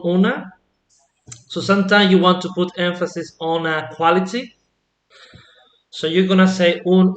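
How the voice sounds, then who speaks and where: A man teaching an online Spanish lesson, explaining slowly and patiently and checking in with "yeah?" after his examples. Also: fairly high pitch, a bit bright, reverberant.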